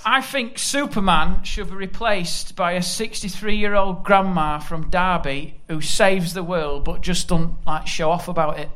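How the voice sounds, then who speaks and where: Male panelist, high bright voice, deadpan gags. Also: unhurried, few pauses, faint music behind. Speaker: comedy panelist. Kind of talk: comedy panel chat.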